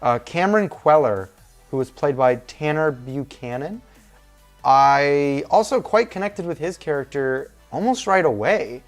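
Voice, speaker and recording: A man's voice: a little high, animated, measured pace, soft background music. Young man giving a rambling review. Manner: rambling and informal. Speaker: movie reviewer. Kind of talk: casual spoken review.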